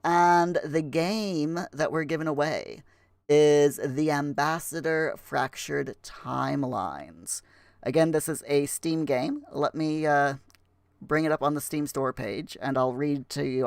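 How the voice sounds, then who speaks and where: A man hosts a game livestream from a home setup, his voice a touch higher than usual. He rambles and restarts with plenty of fillers and slips in and out of a put-on, admittedly poor Scottish accent. The desk microphone sound is close and dry. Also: measured pace, vocal fry, clear, resonant tone, no room sound. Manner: chatty, full of fillers and restarts. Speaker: livestream host. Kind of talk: casual livestream chat.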